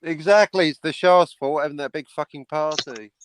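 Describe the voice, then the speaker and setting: Smooth-voiced wisecracking American man. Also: a little high, moderate pace, no echo. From United States. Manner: wisecracking, joke-telling. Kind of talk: casual chat on a stream.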